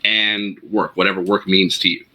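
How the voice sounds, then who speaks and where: Man, game master, bright tense tone, lowish voice, relaxed narration. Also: normal speed, rough recording.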